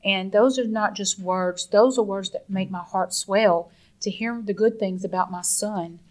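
An earnest woman speaking in a middle-pitched voice. She talks with deep feeling, stumbling and restarting now and then. The delivery is heartfelt and unpolished. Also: steady tone. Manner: earnest, emotional, halting with restarts. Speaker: guest, mother of the subject. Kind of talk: emotional phone-in interview.

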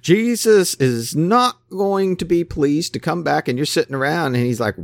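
Folksy, animated male preacher. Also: a little high, normal speed, vocal fry, few pauses, no echo. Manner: folksy, acts out voices in his stories. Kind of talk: casual sermon.

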